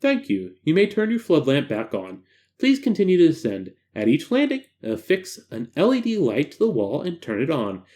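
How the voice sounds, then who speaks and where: A man voicing a calm, detached male doctor who gives formal, flat instructions. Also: fairly high pitch, moderate pace. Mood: clinical.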